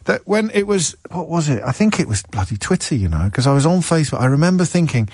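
A man's voice: fairly high pitch, very animated, fast talker, darkish tone, husky, no room sound. A man hosting a talk radio show, musing aloud in a wry, self-questioning way. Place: radio studio. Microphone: studio microphone.

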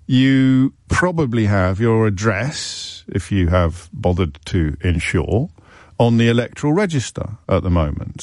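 A man's voice: fairly low pitch, expressive, unhurried, a little mellow, no echo, studio quality. A man hosting a radio phone-in, talking in a chatty, wry way with self-amused asides. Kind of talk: talk radio monologue.

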